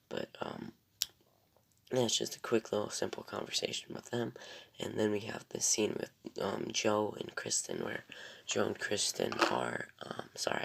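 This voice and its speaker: A man's voice: fairly low pitch, gravelly. A young man casually reviewing a TV episode, rambling and hesitant with lots of ums, often drifting into mumbled whispers.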